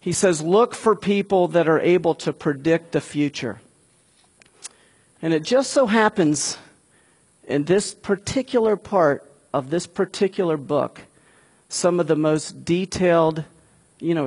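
A man's voice: a little high, a little slow, a little mellow, husky. A man preaching a sermon in a conversational way, building to emphatic peaks. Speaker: pastor.

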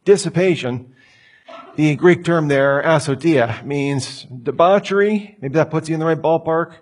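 A man's voice: on the high side, a little slow. A man preaching a sermon as pastor, emphatic and conversational, asking the listeners rhetorical questions. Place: church sanctuary.

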